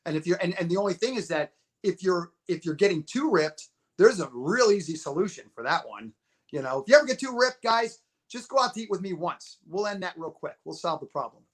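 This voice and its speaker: A man's voice: high-pitched, lively intonation, fairly quick. A man in his fifties, a podcast guest, telling stories in casual conversation, acting out quotes and repeating words as he goes. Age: 50s. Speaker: podcast guest, bodybuilding promoter. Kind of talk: casual storytelling interview.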